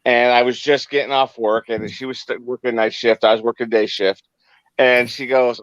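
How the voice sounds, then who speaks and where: A man hosting a casual chat stream, telling stories in a laid-back, drawn-out way. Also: mid-range voice, no echo, dull audio. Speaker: stream host.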